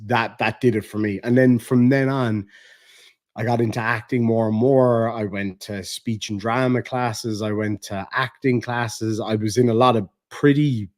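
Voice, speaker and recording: Irish man, mid-pitched voice, casual live-stream storytelling, swears a lot, laughs at himself. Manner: swears freely, animated and chatty, laughs at his own stories. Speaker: comedian and online creator.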